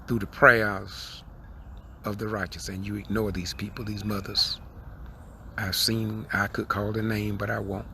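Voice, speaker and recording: A man's voice: on the low side, vocal fry, sharp tone, slight background noise. Fiery older man preaching. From southern Georgia, USA. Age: 60s. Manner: fiery, preacherly, repeats points, rises to emphatic peaks. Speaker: independent video commentator. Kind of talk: impassioned preaching monologue. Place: in a car while driving.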